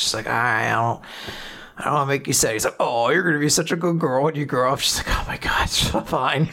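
A man co-hosting a casual chat podcast, recapping a story with lively acted-out quotes and frequent laughter. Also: fairly high pitch, normal speed. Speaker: podcast co-host recapping manga.

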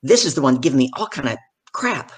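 A middle-aged woman, a professional speaker and guest, telling stories from her career in animated conversation and acting out the people in them. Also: rumbling low, a little fast, breathy edge. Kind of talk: conversational storytelling.

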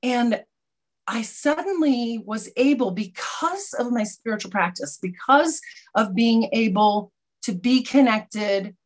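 A woman's voice: a little high, lively intonation, slow pace. A middle-aged woman giving an earnest, reflective personal testimony about her recovery, often restarting her sentences. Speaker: speaker sharing a personal recovery story.

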